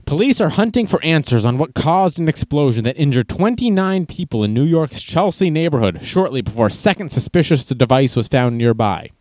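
A man's voice: medium pitch, darkish tone, no room sound. A man casually reading news aloud and adding wry, jokey asides as an online commentator.

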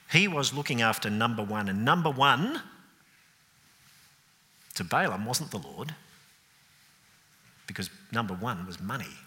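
A man preaching a sermon, telling the story with lively animation, acting out scenes and mocking the characters. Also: mid-range voice. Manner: animated storytelling, acting out scenes with sound effects and mock voices. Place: church. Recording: long reverb of a church hall.

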